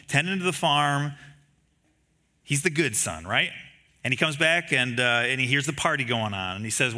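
Male pastor, sermon, very bright tone, slightly high voice, rhetorical questions, animated storytelling. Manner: conversational preaching with frequent rhetorical questions.

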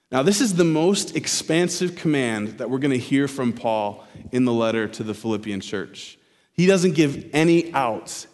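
A male pastor preaching an expository sermon, repeating key phrases slowly for emphasis. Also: mid-range voice, a little mellow. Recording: preaching in a hall with long reverb.

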